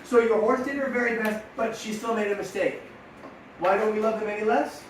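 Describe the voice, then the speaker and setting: Middle-aged male coach, high-pitched, energetic motivational talk, recorded far off in a reverberant hall. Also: a little fast, slight background noise. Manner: energetic, rhetorical questions to the audience. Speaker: sports mental coach. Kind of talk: motivational talk to young riders. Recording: echoey room, mic at a distance.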